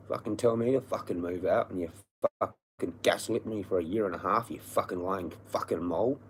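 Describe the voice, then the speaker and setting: Australian male streamer, lowish voice, hoarse, profane aggressive ranting. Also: fairly even intonation, a little fast, hardly any pauses, slight background noise. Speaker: livestreamer. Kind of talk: livestream rant.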